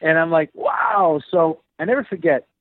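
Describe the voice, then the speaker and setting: A man telling an animated, filler-heavy story about his acting career, slipping into the voices of the people he quotes. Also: on the high side, moderate pace, husky, no room sound. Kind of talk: casual storytelling interview. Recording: dry, phone-like narrow sound.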